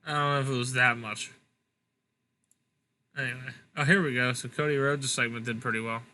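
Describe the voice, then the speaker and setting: A man's voice: medium pitch, steady tone, brisk, pushed and bright, a little hiss or hum, rough recording. A young man casually reading out match results from a game, plain with dry asides. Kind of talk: casual gaming commentary.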